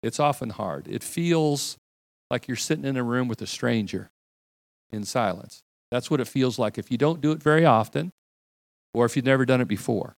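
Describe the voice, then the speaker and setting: A middle-aged man delivers a sermon as if telling a story to friends, his voice gravelly with a rough fry. He often sinks to a hushed, low tone when he quotes dialogue. The recording is dry and close, with no room echo. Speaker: pastor.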